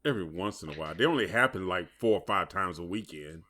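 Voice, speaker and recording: A man's voice: low voice, lively intonation, quick pace, sharp tone. A man co-hosting a podcast in casual chat, with a dry understated humor. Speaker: podcast co-host.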